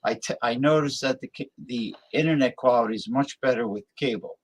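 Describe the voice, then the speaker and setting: A man's voice: mid-range voice, fairly quick, a little hiss or hum. A man talking casually from his home desktop, rambling with many restarts. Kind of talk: casual chat. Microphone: desktop computer mic.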